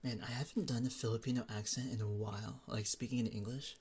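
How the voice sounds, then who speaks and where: Male ASMR streamer, easygoing chat with viewers, mid pitch, lots of filler words, greets people by name. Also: fairly even intonation, fast talker, a little mellow, slight background noise. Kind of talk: casual live-stream chat.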